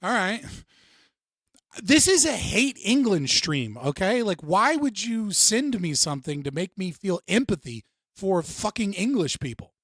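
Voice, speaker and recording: A man hosting a casual live stream, ranting and joking with plenty of swearing. His voice sits a little high, and the recording is dry and close. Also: very animated, unhurried, fairly bright tone, dry recording. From United States. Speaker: livestream host.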